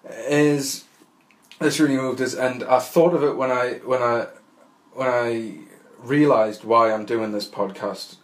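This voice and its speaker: A man's voice: mid-range voice, steady tone, unhurried, low-quality recording. A man hosting a solo podcast who rambles in a wry, self-mocking way, full of restarts. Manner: wry and jokey. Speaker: podcast host.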